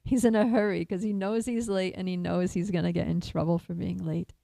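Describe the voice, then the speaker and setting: A woman telling a devotional story in an animated way, laughing often and using many fillers. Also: lowish voice, fairly quick, vocal fry, no echo, low-quality recording. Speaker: storyteller at a temple.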